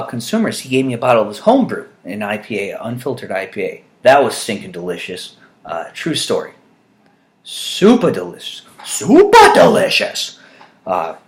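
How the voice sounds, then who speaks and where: A man with a lowish voice tells funny everyday stories in a vlog monologue. His pitch swings widely as he rambles through wry asides, and he jumps into loud, high mock voices for the people he quotes. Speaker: vlogger. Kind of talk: humorous storytelling monologue.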